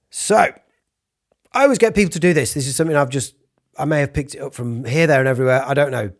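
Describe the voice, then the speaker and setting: A raspy, breathy-voiced man giving a casual singing lesson, demonstrating sounds as he explains. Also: medium pitch. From United Kingdom. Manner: informal, demonstrates sounds mid-sentence. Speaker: vocal coach.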